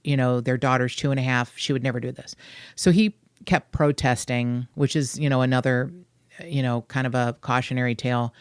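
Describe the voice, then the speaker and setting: A woman from Kentucky with a Kentucky accent, hosting a true-crime podcast in a sarcastic, animated, blunt way. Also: a bass voice, moderate pace, clean tone, dry recording, clean studio sound. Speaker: podcast host.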